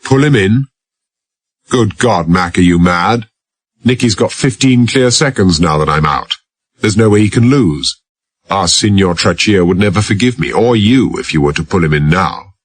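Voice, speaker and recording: A man's voice: low voice, expressive, moderate pace, breathy edge, no room sound, pitched above the performer's own voice. A man voicing an incredulous male racing driver who protests a decision.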